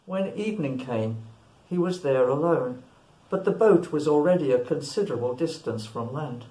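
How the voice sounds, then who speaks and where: A woman reading a Bible passage aloud in a church, careful and deliberate. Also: low-pitched, lively intonation, dark tone. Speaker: scripture reader. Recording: echoey church room.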